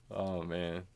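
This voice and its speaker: A man with a deep, low voice chats through a live game stream. He talks at a slow, unhurried pace, drifting off mid-sentence and muttering half-thoughts to himself. Frequent little chuckles break up his rambling commentary. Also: gravelly, a little mellow. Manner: chuckles often.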